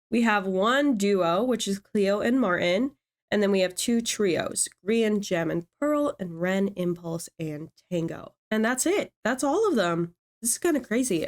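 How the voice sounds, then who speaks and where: A young woman with a voice of ordinary middle pitch. She talks to her viewers casually and chattily, thinking out loud as she goes. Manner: chatty, thinking aloud, self-talk. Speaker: video creator. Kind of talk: casual chat.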